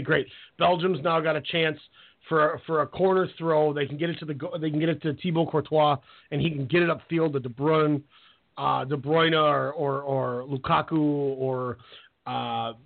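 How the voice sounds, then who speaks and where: A man hosting a sports radio show, telling stories with animated energy and acting out the players in quoted voices. His voice sits a bit high for a man. The sound is tinny and narrow, like a phone line. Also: moderate pace, creaky. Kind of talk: casual sports radio chat.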